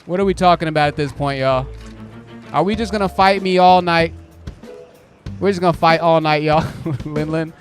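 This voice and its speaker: A man's voice: fairly high pitch, fairly even intonation, moderate pace, pauses often, soft background music. A man hosting a livestream, giving blunt commentary and talking straight to his chat. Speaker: host.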